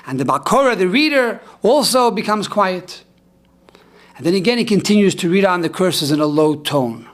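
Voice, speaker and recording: High-voiced rabbi. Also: male voice, animated. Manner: storytelling, rising to emphatic cries and slowing for solemn lines. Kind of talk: sermon on the weekly Torah portion.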